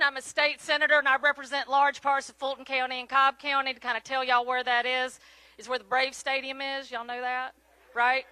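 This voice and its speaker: Bright-voiced Southern woman rallying a crowd. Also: sits high, flat delivery, a little fast, clean tone. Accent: Middle Georgia Southern. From Middle Georgia, USA. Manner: folksy, chatty, keeps asking the crowd "right?". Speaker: state senator and candidate. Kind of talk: campaign rally speech.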